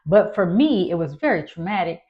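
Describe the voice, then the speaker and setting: A woman in her fifties, a nurse, telling a personal story in a lively way and acting out her own past voice. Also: fairly low pitch, fairly quick, lo-fi sound.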